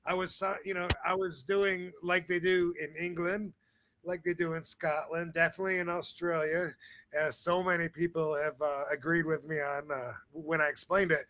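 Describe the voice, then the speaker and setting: A man's voice: on the high side, flat delivery, moderate pace, a bit bright. A man hosting a podcast in casual chat, rambling with many fillers and restarts. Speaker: podcast host.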